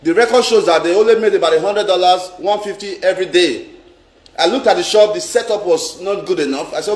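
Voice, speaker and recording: In his vlog, a middle-aged Nigerian man delivers a dramatic personal story as a monologue, repeating lines for emphasis and slipping into Pidgin. He talks fairly quickly in a high-pitched voice, and the audio carries a roomy echo.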